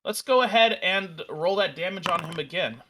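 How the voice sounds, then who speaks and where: A man casually walking through a software demo on a live stream, enthusiastic and rambling, with fillers and restarts. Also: sits high, normal speed. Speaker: developer demoing a virtual tabletop.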